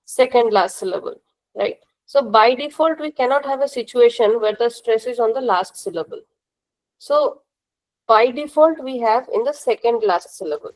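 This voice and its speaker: A woman's voice: fairly high pitch, lively intonation, normal speed, darkish tone, rough recording. A young woman with an Indian accent teaching a language class, explaining step by step in a patient, repetitive way and checking in with questions.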